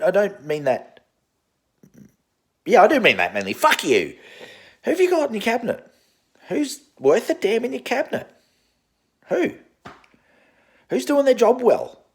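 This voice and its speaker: An Australian man rants about politics, swearing freely and heavy with sarcasm. His pitch swings widely as he talks, rising and dropping in a lively way. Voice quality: swears constantly, sarcastic and heated. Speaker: political vlogger. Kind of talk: profane political rant.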